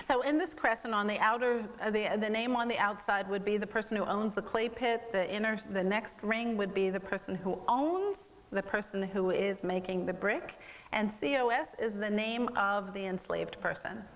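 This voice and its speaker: Artist, woman, gallery talk; conversational and explanatory, mid-pitched, long room reverb. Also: a bit bright. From American. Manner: conversational, explanatory, with many fillers. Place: museum gallery.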